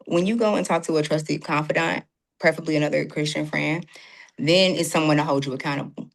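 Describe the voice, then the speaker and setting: A woman's voice: low voice, steady tone, a little fast, creaky. A woman guest in a casual faith conversation, talking animatedly and acting out her own inner dialogue. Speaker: podcast guest.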